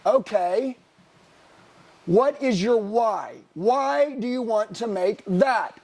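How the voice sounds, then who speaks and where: A middle-aged sales trainer speaks slowly in a high voice with a little mellowness. His motivational seminar talk is hard-driving, blunt, and profane, built around rhetorical questions to the room.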